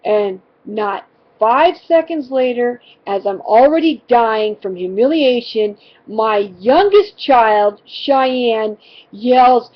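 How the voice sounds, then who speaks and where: Speaking slowly with lively intonation, a mother whose voice sits on the high side recounts a funny family story. She's dramatic and exasperated, rambling with endless "you know" fillers, and the audio is dull.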